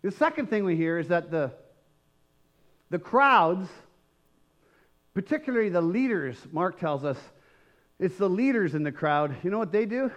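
A man preaching a sermon as pastor, emphatic and rising to shouts, often asking the congregation questions. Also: high voice, expressive, moderate pace, long pauses.

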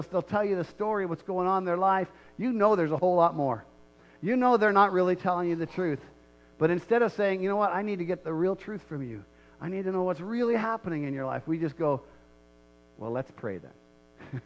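A male pastor preaching a sermon in a conversational way, repeating key lines and checking in with the congregation. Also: sits high. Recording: muffled lo-fi recording.

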